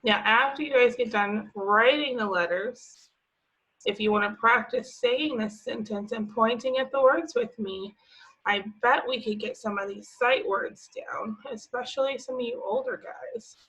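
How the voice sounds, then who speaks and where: A woman teaching a remote phonics lesson to young children, stretching out each word slowly as she sounds it. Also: a little high, a bit bright. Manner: slow, drawn-out sounding of words. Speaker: preschool teacher. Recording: slightly dull lo-fi audio.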